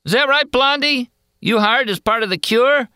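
A man reading an audiobook, voicing a jeering loafer on a dock in a high, tired voice. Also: normal speed, sharp tone, smooth, dry recording, studio quality. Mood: taunting.

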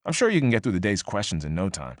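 A man voicing an upbeat office trainer who explains things quickly and chattily in a slightly raised voice. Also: low-pitched, very animated, no room sound, studio quality. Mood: breezy, encouraging. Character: upbeat male office trainer, brisk and eager.

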